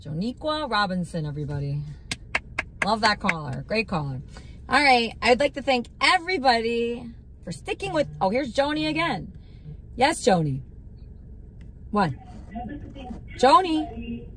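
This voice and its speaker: A woman hosting a casual live stream, her voice fairly high and lively in pitch. She teases her caller playfully. A faint background noise sits behind her. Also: a little slow, pauses often. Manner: teasing, playful. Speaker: livestream host.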